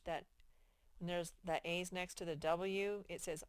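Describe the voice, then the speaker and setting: A woman's voice: lowish voice, a little fast, smooth, no room sound. A woman teaching sight words to young children, patiently stretching out the sounds of each word. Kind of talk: reading lesson for young children.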